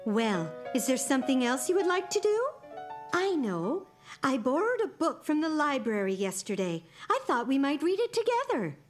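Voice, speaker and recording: An actress voicing a patient, kindly grandmother in an animated children's series, speaking softly and coaxingly, with music underneath. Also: high voice, moderate pace. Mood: gentle. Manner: soft, coaxing, questioning.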